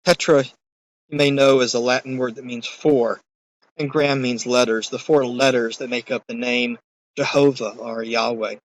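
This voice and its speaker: A male lecturer teaches a course in a relaxed, conversational manner, stressing key phrases with emphasis. His voice sits at an ordinary mid pitch. He pauses now and then with small fillers. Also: rough recording.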